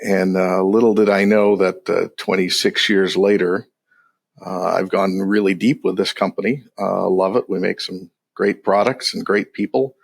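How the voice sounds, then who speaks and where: A middle-aged man from the United States, a podcast guest in casual chat, easygoing and halting with many fillers. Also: sits low, fairly even intonation, vocal fry, husky.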